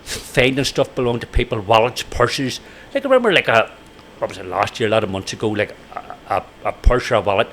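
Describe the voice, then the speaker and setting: Man, Belfast accent, bar owner, lively pitch, quick talker, chatty, chimes in. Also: a little hiss or hum. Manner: chatty, chimes in with questions and asides. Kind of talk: casual chat.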